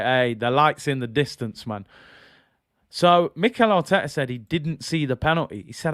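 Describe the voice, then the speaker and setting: A man's voice: mid-range voice, expressive, normal speed, fairly bright tone, no echo, studio quality. A man hosting a football channel, giving casual fan commentary in a chatty, incredulous way and often apologizing.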